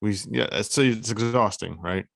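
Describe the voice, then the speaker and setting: A man co-hosting a podcast, chatting in a relaxed, agreeable way and chuckling along. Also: fairly low pitch, moderate pace, gravelly, no echo, studio quality. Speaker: podcast co-host. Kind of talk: casual chat.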